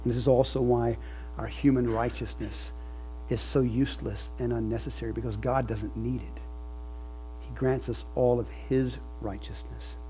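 A man preaching a sermon, moving from quiet reflection to loud, emphatic passages. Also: mid-range voice, level tone, normal speed, faint music behind. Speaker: pastor.

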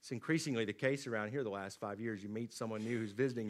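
Man preaching with rising and falling emphasis. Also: quick pace. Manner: dynamic preaching, rising emphatic then dropping low and quiet. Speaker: pastor. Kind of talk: sermon.

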